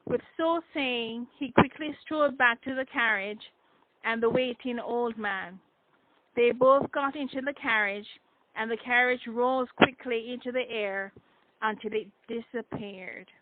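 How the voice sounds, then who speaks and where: A woman author reading her own novel aloud in a measured, deliberate way. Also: fairly high pitch, dry recording. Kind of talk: audiobook narration. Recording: tinny phone-like dry sound.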